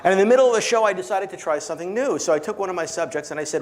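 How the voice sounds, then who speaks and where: A man's voice: high voice, animated, racing, a little hiss or hum. A man giving a keynote talk with magic to a small gathering, telling stories playfully and leading the audience through participation.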